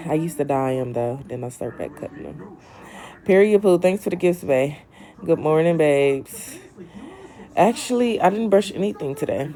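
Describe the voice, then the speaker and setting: A woman's voice: low-pitched, dark tone. A young woman hosting a casual livestream from home, chatting with viewers in a sassy way and calling them honey and queen. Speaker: livestream host. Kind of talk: casual livestream chat reading comments.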